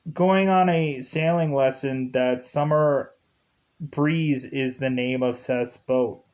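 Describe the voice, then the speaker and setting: A man's voice: mid-range voice, fairly even intonation, slow, a little mellow. A man casually recapping a TV episode in a rambling way, repeating filler words and chuckling often. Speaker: TV show reviewer. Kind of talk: casual commentary.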